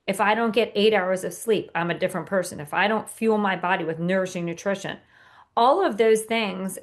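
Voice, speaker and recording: A woman's voice: medium pitch, brisk. A woman author speaking as a podcast guest, earnest and motivational, with frequent fillers and restarts. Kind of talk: podcast interview.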